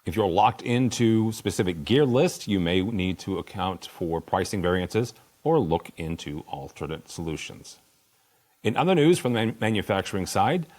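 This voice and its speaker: A man hosting a podcast, reading industry news in a steady scripted delivery. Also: lowish voice. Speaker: host.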